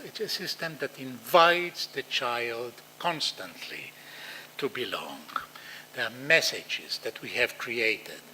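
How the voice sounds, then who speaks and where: A man with an Israeli accent giving a conference talk, animated and acting out quoted dialogue. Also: mid-range voice, slight background noise, rough recording. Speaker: lecturer.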